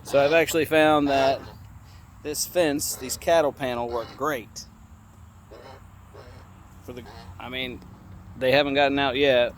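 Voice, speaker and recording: Slow-talking man on a noisy farm tour. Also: steady tone. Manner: chatty, talks to the animals in a higher coaxing voice. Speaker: vlogger giving a farm tour. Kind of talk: casual walking tour narration. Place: outdoors on a small farm. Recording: noisy outdoor recording with farm animals. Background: geese honking and farm animals.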